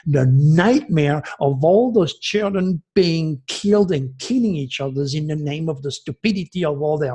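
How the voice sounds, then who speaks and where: A man in his sixties from France, giving an agitated, preachy monologue that swings from loud outbursts to hushed asides. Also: a little high, husky. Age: 60s. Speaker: astrologer host. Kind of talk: impassioned monologue.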